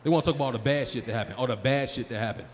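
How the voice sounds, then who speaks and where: A man in his forties doing a live stand-up set, working the crowd loudly and acting out his friends in high, excited voices. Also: racing. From Chicago area. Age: 40s. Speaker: stand-up comedian. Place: small live venue. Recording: live room with long reverb and faint hum.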